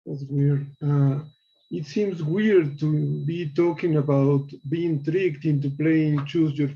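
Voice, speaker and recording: A man calling into a show, reading measured prepared commentary with small slips. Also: on the high side, dark tone, highs cut off. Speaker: caller.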